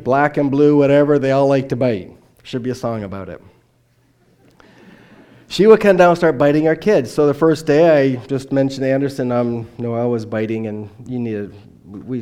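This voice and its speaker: A man giving a sermon as a missionary speaker, telling a personal story earnestly and swinging from loud emphatic lines to quiet, dropped endings. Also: mid-range voice.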